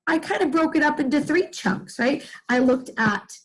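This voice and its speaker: A woman teacher giving a reading lesson to young children, sounding out words slowly in chunks and asking the listener questions. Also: high-pitched, animated, poor audio. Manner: slow, sing-song, exaggerated sounding out of words; asks the listener questions and answers them.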